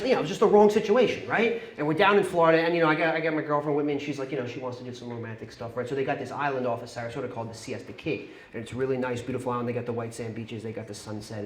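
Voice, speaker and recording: A young man doing a stand-up comedy set on a club stage. He tells his stories quickly and profanely, tagging his lines with "right?". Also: mid-range voice, slight background noise. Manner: fast, profane storytelling, tags lines with "right?". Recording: echoey club with audience laughter.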